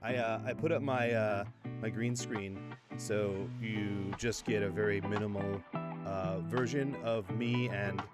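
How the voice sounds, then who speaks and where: A man's voice: fairly low pitch, steady tone, measured pace, over loud music. A man hosting a casual political commentary vlog from a home green-screen setup, goofy and rambling, joking at his own expense. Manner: goofy, rambling, self-deprecating.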